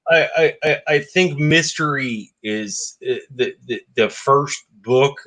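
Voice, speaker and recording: Slow-talking stammering man in casual chat. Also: medium pitch, a bit bright. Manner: stammering, repeats words while getting started. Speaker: podcast co-host. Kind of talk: casual book discussion.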